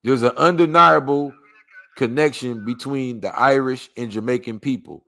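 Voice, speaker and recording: A man's voice: medium pitch, normal speed, creaky, bright, forceful tone. A man hosting a podcast, chatting loosely and joking as he reacts to a video, now and then reading aloud. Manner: loose, joking, preachy asides. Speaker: podcast host. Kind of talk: casual reaction chat.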